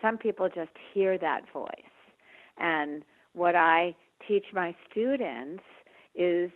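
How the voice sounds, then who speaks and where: A middle-aged woman speaks slowly and gently, pausing often as she reflects. Her voice sits a little low. The sound is thin and tinny, like a phone line. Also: expressive. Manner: slow, gentle, soft-spoken, with many pauses. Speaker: author and guest on a health podcast. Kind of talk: reflective interview answers.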